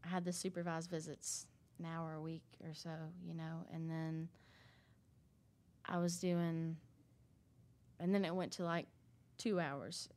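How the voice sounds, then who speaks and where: Woman, lowish voice, stops and restarts a lot, just chatting about her life. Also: a little mellow. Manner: halting, many fillers and restarts. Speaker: interview guest sharing a recovery story. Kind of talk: casual storytelling.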